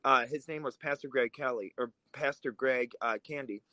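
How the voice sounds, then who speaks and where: A man's voice: mid-range voice, moderate pace, pushed and bright, no echo, low-quality recording. Russian-born guy on a podcast, heated and emphatic, dry close mic. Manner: fired up, emphatic, swears when angry. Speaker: podcast co-host. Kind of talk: heated political podcast talk.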